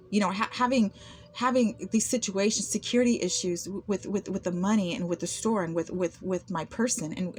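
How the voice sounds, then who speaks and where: A woman talking to camera in an unscripted vlog monologue, aggrieved and often repeating words and restarting. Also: medium pitch. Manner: aggrieved, with frequent word repetitions and restarts. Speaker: vlogger recounting personal experiences.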